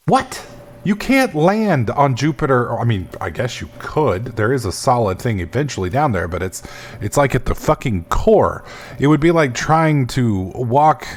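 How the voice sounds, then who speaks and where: A man casually commenting on his gameplay, rambling and swearing as he goes. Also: medium pitch. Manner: rambling, profane, self-mocking. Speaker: gaming video host.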